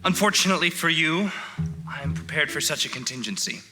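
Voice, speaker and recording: A man's voice: a little high, expressive, fairly quick, over music, lightly acted. A man playing a proper young hero. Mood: earnest. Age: young adult. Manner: earnest, proper, slightly pompous. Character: earnest young man, son of a dragon slayer. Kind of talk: stage musical acting.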